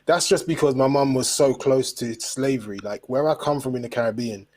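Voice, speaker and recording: A man from Montserrat hosts a podcast and talks in a relaxed, reflective way. His voice sits at an ordinary pitch for a man. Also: fairly quick. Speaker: podcast host. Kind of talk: casual podcast chat.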